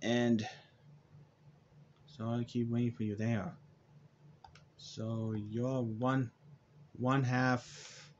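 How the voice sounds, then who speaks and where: Brief: male wrestler doing a rambling callout promo, stumbling and restarting, slow delivery, lo-fi sound. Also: medium pitch, little pitch movement, a little mellow, a little hiss or hum. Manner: halting, with restarts and repeated words. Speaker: amateur wrestler cutting a promo.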